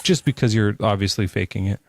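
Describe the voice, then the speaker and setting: Gravelly low-voiced male livestream host. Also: a little fast. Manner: hedging, lots of fillers and restarts. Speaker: podcast host. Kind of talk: casual livestream debate chat.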